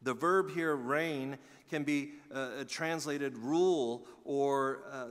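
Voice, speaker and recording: A middle-aged male pastor preaching a sermon, telling stories with animated emphasis and dropping to quiet asides. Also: a little high, unhurried, hardly any pauses. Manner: animated storytelling, swings between loud emphasis and quiet asides. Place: church sanctuary. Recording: long reverb of a church hall.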